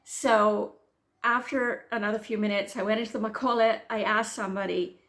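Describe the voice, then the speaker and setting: A middle-aged woman teaching the Bible, telling a personal story as a lively storyteller who acts out her own thoughts, then turning it into earnest, gentle encouragement. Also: medium pitch, normal speed.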